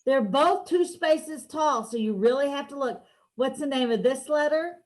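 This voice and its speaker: A woman's voice: high-pitched, moderate pace. A woman teaching a reading lesson over a video call, giving playful, encouraging instructions. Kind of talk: virtual one-on-one lesson. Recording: roomy echo.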